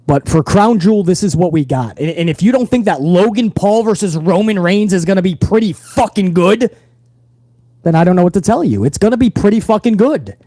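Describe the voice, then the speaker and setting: A man's voice: high-pitched, fast, hardly any pauses, mellow, no echo. A man hosting a wrestling livestream, talking casually and profanely straight to his viewers.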